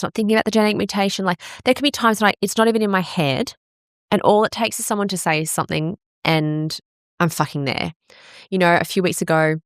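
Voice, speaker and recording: A woman's voice: mid-range voice, no room sound, studio quality. A woman in her forties, a fitness coach, talking frankly and swearing freely in a candid personal monologue. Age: 40s.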